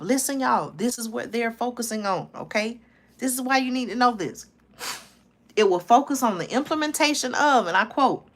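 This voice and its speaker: A woman's voice: a little high, lively intonation, moderate pace. A woman hosting her own live stream, reading a news report aloud and breaking in urgently, repeating herself and asking her viewers to listen. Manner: urgent, repeats herself, says "okay?" and "listen, y'all" often. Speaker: channel host.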